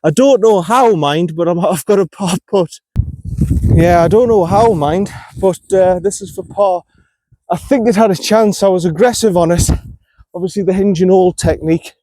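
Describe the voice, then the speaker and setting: Frustrated golfer outdoors. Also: male voice, high voice, normal speed, dark tone, dry recording. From North East England. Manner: frustrated, self-critical, talks himself through shots. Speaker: golf vlogger. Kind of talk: on-course golf commentary. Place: outdoors on a golf course.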